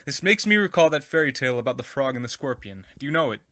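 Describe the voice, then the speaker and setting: Male voice, mid pitch, for a devotional talk; sincere, moralizing delivery. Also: animated, quick pace, sharp tone. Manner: earnest, exhorting, moralizing. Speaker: volunteer translator and narrator of a spiritual message. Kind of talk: devotional talk, read translation.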